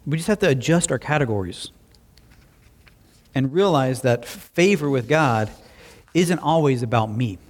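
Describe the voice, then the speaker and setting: A male pastor preaching a sermon, telling stories in an animated way with personal asides. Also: mid-range voice, a little slow, long pauses.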